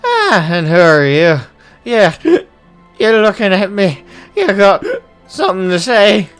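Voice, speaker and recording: A man's voice: high-pitched, very animated, slow pace, fairly bright tone, smooth, soft background music, voice pushed up, heavily acted. A man doing a boisterous hard-drinking dwarf with a put-on Irish lilt. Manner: boisterous, boastful, hearty. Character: jovial hard-drinking male dwarf adventurer. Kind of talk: voicing game dialogue aloud.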